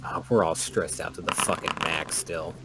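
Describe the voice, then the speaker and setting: A player in a tabletop game narrating his character's moves. His voice is very low and his delivery casual and measured. Faint music plays in the background.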